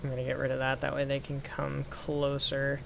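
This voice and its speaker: A young man giving casual gameplay commentary, thinking aloud through numbers and getting excited when things work. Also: mid-range voice, normal speed, creaky. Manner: excited bursts. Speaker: gaming youtuber. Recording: faint background noise.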